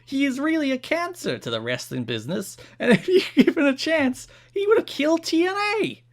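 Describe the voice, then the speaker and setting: Man putting on a high-pitched New Jersey fanboy. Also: huge pitch swings, a little fast, exaggerated voice. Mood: gushing. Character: excitable male wrestling fan writing a letter.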